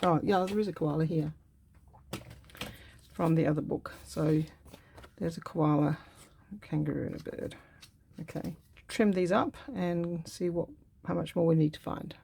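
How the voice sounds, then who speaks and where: Low, gravelly woman chatting while crafting. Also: fairly even intonation, mellow. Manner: musing aloud while cutting and gluing, unhurried and chatty. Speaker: craft vlogger. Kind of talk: casual crafting tutorial.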